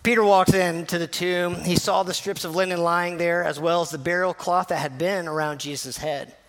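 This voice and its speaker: A male pastor tells a scripture story in a casual, heartfelt sermon. His voice sits a bit high and has a noticeable gravelly fry. He often drops to a near hush for emphasis. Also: steady tone, normal speed. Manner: conversational, earnest storytelling, drops to a soft hush at key moments.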